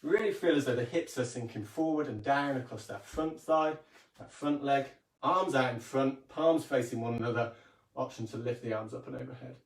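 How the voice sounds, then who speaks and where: Guy leading kids yoga, calm and gentle, mic a bit far off. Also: medium pitch, moderate pace. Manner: calm, gentle instructions with soft hums. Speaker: yoga teacher. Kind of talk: guided kids' yoga and storytelling. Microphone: camera mic at a distance. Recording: roomy, distant camera mic.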